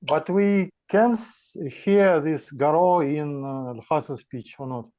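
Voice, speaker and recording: Man, language student, hesitant, lots of uh, slow, dull lo-fi sound. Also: a little high, mellow. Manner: halting, with many "uh" pauses. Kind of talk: questions in a language class.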